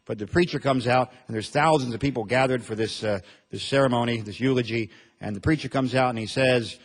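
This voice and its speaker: A husky-voiced man works a live crowd with a stand-up set, delivering every line in a dry, deadpan drawl. His voice is a little breathy, sits at an ordinary middle pitch, and carries the loose, easy rhythm of a seasoned comic. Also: a little fast. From Montana. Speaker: stand-up comedian. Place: comedy stage before an audience.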